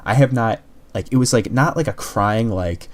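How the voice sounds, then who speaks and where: Man with a somewhat low voice, chatty earnest reviewer who rambles and restarts. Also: lively intonation, moderate pace. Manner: rambling, heavy use of "like", frequent restarts; earnest, openly emotional. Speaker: anime reviewer. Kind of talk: casual spoken review.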